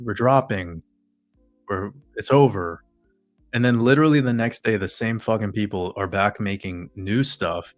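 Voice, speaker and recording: A man's voice: lowish voice, no echo. A man host ranting in profane, sarcastic casual talk to a live chat audience. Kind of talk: casual rant to a livestream chat.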